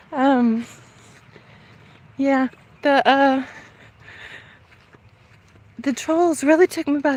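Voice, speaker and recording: A middle-aged woman chatting casually on a live stream while walking outdoors, a little out of breath, laughing often and thanking viewers by name. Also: high-pitched. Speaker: livestreamer reading chat.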